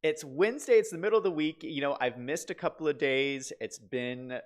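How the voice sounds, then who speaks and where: A man hosting a casual live stream, congested from a cold, chatty and excitable, often repeating himself. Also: a little high, fairly quick. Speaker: streamer host.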